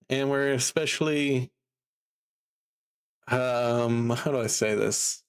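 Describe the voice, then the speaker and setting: A man streaming live and chatting casually, drowsy and a bit down, rambling slowly with lots of fillers. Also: mid-range voice, flat delivery, clear, resonant tone. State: sleepy and low in mood.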